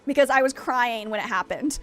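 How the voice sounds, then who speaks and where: Chatty high-voiced woman streamer. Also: normal speed. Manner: chatty, animated, swears and laughs often. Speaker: gaming streamer. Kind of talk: casual storytelling while gaming. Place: home office.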